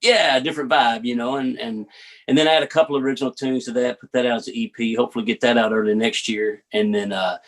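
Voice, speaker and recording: A fast-talking man with a medium-pitched, steady voice and a Southern US accent speaks as a guest in a relaxed interview. The American country singer drawls casually and frequently calls the host "man."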